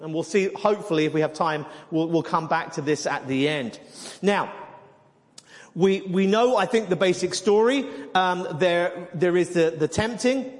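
A man's voice: high-pitched, normal speed. A man preaching a sermon, teaching animatedly and often repeating words as he goes. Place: church hall. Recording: long hall reverb.

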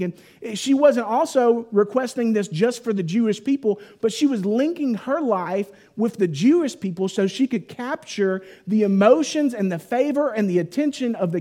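A man preaching a Bible teaching in a conversational, animated way, full of casual asides. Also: high voice. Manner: conversational and animated, lots of 'like'.

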